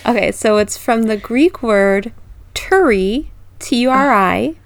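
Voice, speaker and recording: A woman's voice: on the high side, animated, slow. A woman co-hosting a podcast in casual chat, playful and giggly, sometimes hesitating over her words. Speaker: podcast co-host.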